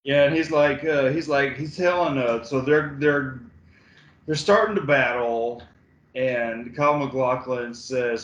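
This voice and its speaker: A man co-hosting a casual movie review chat, laid-back and halting, with many fillers and swears. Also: medium pitch, a bit bright, echoey room, low-quality recording. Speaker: podcast co-host.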